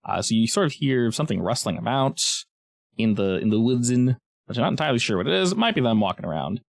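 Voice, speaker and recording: A man's voice: mid-range voice, sing-song, quick pace, creaky, dry recording, clean studio sound. A man narrating a tabletop game as game master, in a chatty way with frequent restarts.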